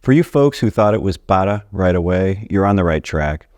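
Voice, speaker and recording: Low-voiced man teaching Spanish. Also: lively intonation, normal speed, a little mellow, dry recording. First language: English. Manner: friendly, talks straight to viewers. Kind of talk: casual video lesson.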